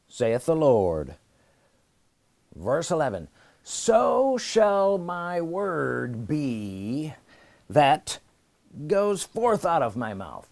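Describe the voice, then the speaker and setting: A man preaching a sermon, emphatic and deliberate, repeating key phrases and asking listeners to say them back. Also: medium pitch. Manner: emphatic, slow and deliberate with pauses between words.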